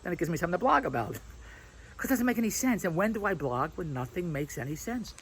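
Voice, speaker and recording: Brisk animated male vlogger, rapid ranting delivery, faint noise behind. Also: high-pitched, low-quality recording. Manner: animated, repetitive, mimics others' voices. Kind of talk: rambling self-recorded monologue.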